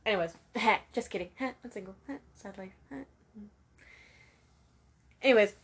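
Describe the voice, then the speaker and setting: A teenage girl giving a sassy, animated rant to her viewers, with laughing asides. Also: medium pitch, a little slow, background noise. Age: teens. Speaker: vlogger. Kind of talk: casual rant to camera.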